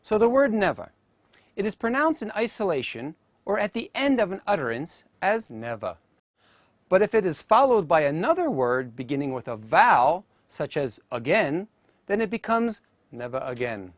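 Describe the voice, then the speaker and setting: A teacher giving a scripted educational narration, speaking carefully and deliberately and saying example sounds aloud as models. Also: medium pitch, sing-song, dry recording, studio quality.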